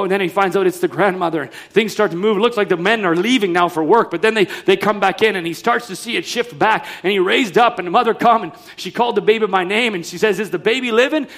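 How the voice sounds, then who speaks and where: A man preaching a sermon, telling a story with animated delivery that drops to a hush and then rises, often restarting his words. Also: a little high, vocal fry. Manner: animated storytelling, shifting from hushed to loud; repeats and restarts words while recounting a story.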